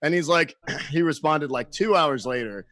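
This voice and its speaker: A man telling a story in casual chat as a guest musician, animated, swearing freely and laughing often. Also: on the high side, moderate pace.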